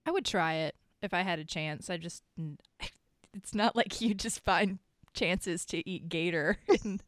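A woman's voice: lowish voice, a little slow, a bit bright, no room sound, studio quality. A woman co-hosting a podcast in casual chat, easygoing and chatty, laughing easily. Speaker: podcast co-host.

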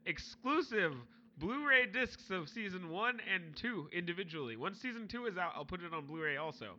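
A man with a high, bouncy, very bright voice banters on a comedy podcast and laughs often. The audio is slightly muffled and lo-fi. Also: sing-song, normal speed. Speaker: podcast co-host.

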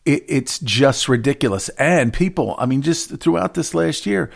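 A man ranting in casual conversation, indignant and profane, with halting restarts. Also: mid-range voice, animated, gravelly.

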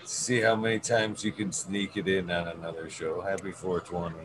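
A man's voice: low-pitched, little pitch movement, moderate pace. A middle-aged man chatting casually as a podcast co-host, laid-back, swearing a lot and laughing often. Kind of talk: casual chat. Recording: noisy room ambience.

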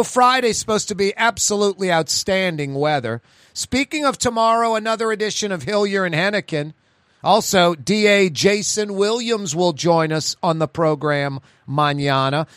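A man's voice: high voice, moderate pace, a bit bright, no echo. New Orleans-accented male radio host, rambling and chatty, dry close sound. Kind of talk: casual radio talk.

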